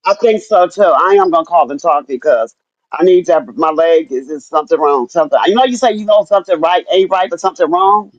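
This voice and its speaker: A woman's voice: on the low side, brisk, dry recording, highs cut off. An older woman and grandmother speaking candidly in a casual chat, often repeating herself and cursing freely. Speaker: stroke survivor sharing her story.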